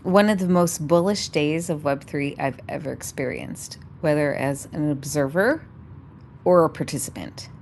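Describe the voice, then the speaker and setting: A woman's voice: low-pitched, normal speed, creaky, a little mellow, slight background noise. A woman from Canada chatting enthusiastically and rambling a little on a casual livestream.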